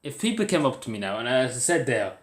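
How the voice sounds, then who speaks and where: A man's voice: mid-range voice, very animated, quick pace, roomy sound. A man with an Irish accent talking earnestly to camera in a rambling, casual way, full of fillers and restarts. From Ireland. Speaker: vlogger.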